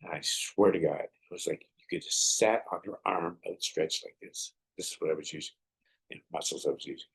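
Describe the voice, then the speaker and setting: Male podcast host, husky and low-voiced, earnest storyteller with preacherly advice. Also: brisk. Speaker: podcast host and martial arts teacher. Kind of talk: motivational podcast monologue.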